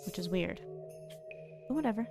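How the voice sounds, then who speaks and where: A woman's voice: medium pitch, lively intonation, moderate pace, a little mellow, soft background music. A young adult woman streaming a game, chatting casually and rambling to her viewers. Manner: chatty, rambling, talks to chat. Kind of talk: casual gameplay chat.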